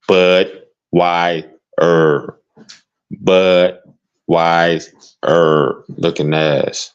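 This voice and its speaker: A man's voice: takes it slowly, pauses often. Chicago guy ranting on stream, cussing a lot, voice swings all over, muffled lo-fi audio. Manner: profane, animated, rising to high squeals. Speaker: commentary streamer. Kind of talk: ranting commentary. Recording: dull lo-fi sound.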